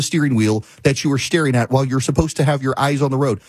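A man hosting a talk show, telling a story in a ranting, animated way. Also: medium pitch, fast talker, no echo. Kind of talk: casual monologue.

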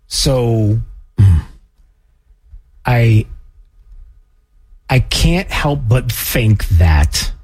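A man's voice: mid-range voice, very animated, very slow, pauses often, a little mellow, breathy edge. A male talk radio host giving exasperated commentary with stammering restarts.

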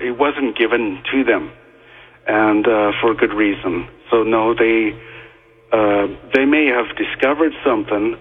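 A man speaks as a guest on a call-in radio show, stopping and restarting often, with plenty of fillers. His voice is husky and thin, coming through a narrow phone-line broadcast. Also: fairly low pitch. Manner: halting, many fillers and restarts.

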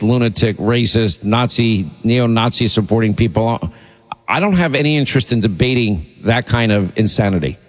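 A man's voice: medium pitch, big-room sound. A man hosting a talk radio show, speaking in a blunt, indignant, rambling way.

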